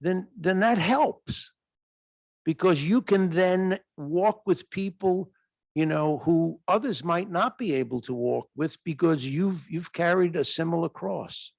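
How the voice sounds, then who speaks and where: A man giving an animated answer in a lecture question period, acting out dialogue as he tells a story. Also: unhurried, vocal fry, no echo. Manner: animated storytelling, acts out dialogue in raised pitch. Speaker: guest lecturer. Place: lecture hall.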